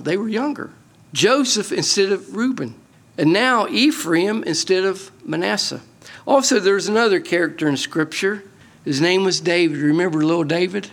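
Bible teacher guy, high voice, animated, keeps asking the crowd questions. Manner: animated, emphatic, asks the audience questions.

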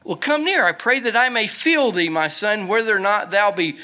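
Man doing a suspicious old blind dad, high and bright, quavering questions. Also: expressive, normal speed.

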